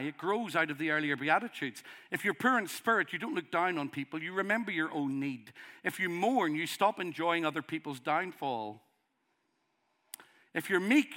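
A middle-aged man with a Northern Irish accent preaching a sermon, passionately, building to loud pleading. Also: on the high side. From Northern Ireland.

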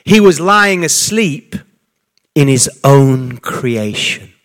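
A man preaching a sermon in an animated, conversational way, full of restarts and asides. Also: medium pitch, slow pace.

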